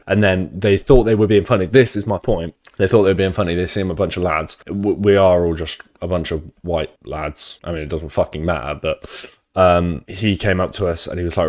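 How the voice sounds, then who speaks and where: A young man with a British accent and a low, deep voice chats loosely as he reacts on stream. He drifts from point to point, swears freely and keeps a laid-back tone. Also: a little fast. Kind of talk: casual reaction chat.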